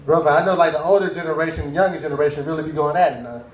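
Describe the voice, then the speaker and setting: A man's voice: fairly high pitch, very fast, slight background noise. Laid-back young male stand-up comedian. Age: young adult. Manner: laid-back, laughing asides. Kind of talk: stand-up routine. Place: cafe stage. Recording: roomy cafe stage.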